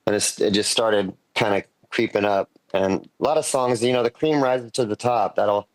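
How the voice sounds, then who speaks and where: A rock singer as a podcast guest, telling stories in a loose, rambling, profane way and acting out what people said. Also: male voice, lowish voice, steady tone, normal speed, poor audio. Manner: rambling, profane, quotes himself and others. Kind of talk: casual storytelling interview.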